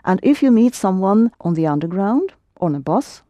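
A woman teaching a lesson, patiently prompting students and correcting them, slowing down to model phrases. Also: medium pitch, very animated, mellow, dry recording. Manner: patient, prompting and correcting, slows for Russian words. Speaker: Russian language teacher.

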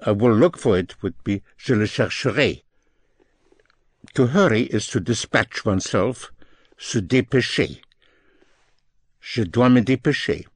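A man teaching French phrases, explaining each one slowly and repeating it in both languages. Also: medium pitch, lively intonation, husky, no room sound. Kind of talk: slow, deliberate language lesson.

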